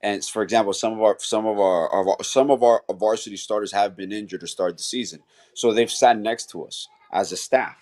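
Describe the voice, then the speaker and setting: A man's voice: fairly low pitch, fairly quick, a little mellow. A man who coaches football, co-hosting a casual sports podcast and explaining plays earnestly.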